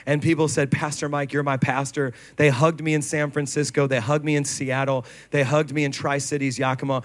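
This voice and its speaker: A man's voice: on the high side, little pitch movement, brisk. A man preaching to a congregation, telling stories with laughter and acted quotes. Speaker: pastor. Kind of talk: sermon. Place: church stage before a congregation.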